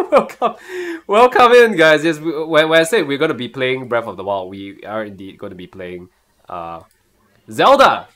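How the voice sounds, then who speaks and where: On a live stream, a young man with a Singaporean English accent chats casually and excitedly, laughing often. His voice is mid-range and his speed is normal.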